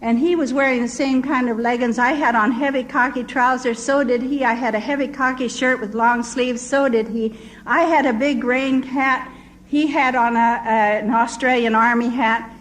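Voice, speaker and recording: Older lady telling a story from her life, kinda high voice, acts out what people said. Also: steady tone, normal speed, rough recording. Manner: vivid storyteller who acts out quoted voices. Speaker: missionary. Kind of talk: personal testimony storytelling.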